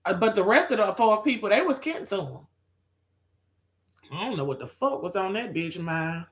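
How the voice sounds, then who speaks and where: A woman's voice: medium pitch, lively intonation, moderate pace. A woman chatting with viewers on a live stream, sassy and profane, calling people girl, child and honey. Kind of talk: casual live-stream chat.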